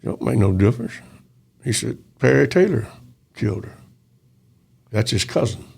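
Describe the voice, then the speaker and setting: A man's voice: mid-range voice, big pitch swings, moderate pace, a little mellow. An older man, a former police officer telling a story in a casual interview, acting out the dialogue. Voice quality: gravelly. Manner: folksy, acts out dialogue in quoted voices.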